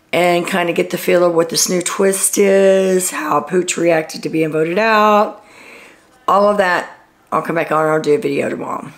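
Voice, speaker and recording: Gravelly-voiced Texan woman recapping reality TV. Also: lowish voice. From Texas, USA. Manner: blunt, opinionated, exasperated. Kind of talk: casual commentary.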